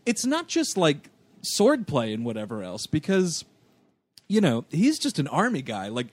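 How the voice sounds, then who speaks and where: A man's voice: fairly high pitch, huge pitch swings, a little slow, dry recording. A man co-hosting a casual movie podcast, joking and riffing with frequent laughs. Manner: jokey, riffing, laughs often. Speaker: podcast co-host. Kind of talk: casual film discussion.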